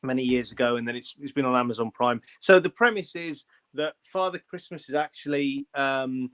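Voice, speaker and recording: A man's voice: medium pitch, brisk, fairly bright tone. A man speaking as a guest on a video-call livestream, hesitant, with many fillers. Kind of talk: casual chat on a livestream.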